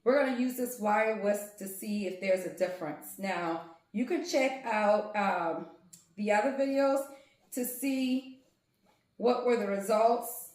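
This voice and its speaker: A woman's voice: medium pitch, a little slow, a little mellow. A woman, vlogging at home as she unpacks yarn and gushes over each skein. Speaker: crafting vlogger. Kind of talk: casual unboxing vlog. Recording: very echoey room.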